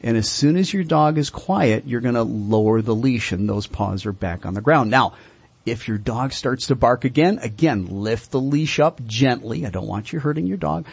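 A man's voice: mid-range voice, lively intonation, normal speed, vocal fry, breathy edge, dry recording. A man hosting a call-in radio show, coaching a caller on dog training in a direct way and checking in with "okay?".

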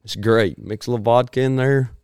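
A man, hosting a casual chat in a rambling, folksy way and clearing his throat often. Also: medium pitch, steady tone, brisk, a little mellow, no room sound, clean studio sound.

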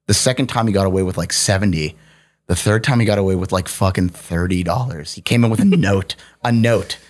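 A man's voice: sits low, brisk. A man telling wild anecdotes in casual chat, swearing and laughing as he goes. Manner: profane, laughing, animated anecdotes. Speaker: podcast guest storyteller.

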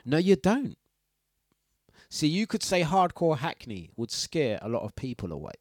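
A man's voice: a little high, huge pitch swings, moderate pace, a little mellow, dry recording, clean studio sound. Chatty man hosting a breakfast show. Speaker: radio DJ and breakfast show host. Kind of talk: casual radio chat. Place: radio studio. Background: faint music.

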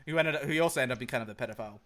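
A young man from Virginia co-hosting a podcast, telling stories in an animated, profane, laugh-filled casual chat. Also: medium pitch, very fast, a crowd in the background. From Virginia, USA. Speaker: podcast co-host. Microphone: podcast mic on a group call.

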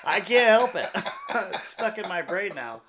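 A man's voice: high-pitched, sing-song, unhurried, heavy background noise. A man co-hosting a podcast, telling loose, profane stories with a lot of laughter. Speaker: podcast co-host. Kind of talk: casual chat.

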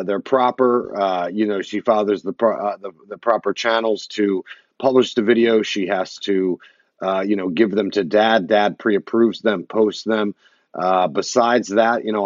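Man, podcast co-host, calm hesitant chat, low voice, dull dry recording. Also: no room sound. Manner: calm, hesitant, many uh fillers.

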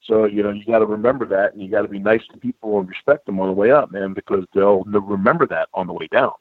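A man's voice: lowish voice, fast, dry recording. A man in his sixties, a retired wrestler, telling stories casually in an interview and saying "bro" and "man" a lot. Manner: animated storyteller, says bro and man a lot. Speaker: guest, retired pro wrestler. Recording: tinny phone-like line, dry.

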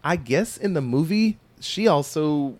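A man's voice: on the high side, expressive, a little slow, darkish tone. A man hosting a podcast, retelling a story in a folksy, rambling way with loose asides. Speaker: podcast host recapping a film. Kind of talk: casual chat.

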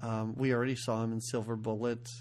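A man's voice: mid-range voice, level tone, fast, darkish tone, slight background noise. A man co-hosting a casual movie podcast, rambling loosely and laughing often between thoughts. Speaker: podcast co-host. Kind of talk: casual film podcast chat.

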